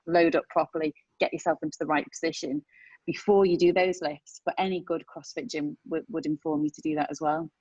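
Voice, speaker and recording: Lady medical guest on a podcast, lowish voice, animated, kinda muffled dry audio. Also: fairly quick, husky, no echo. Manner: animated, emphatic storytelling. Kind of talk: casual podcast chat.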